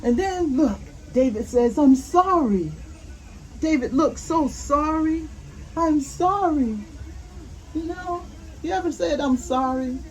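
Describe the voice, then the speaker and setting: An older woman whose voice sits high reads aloud from a picture book to her grandchildren, taking it slow and gentle and asking them questions. It's a rough recording with faint roofing noise in the background.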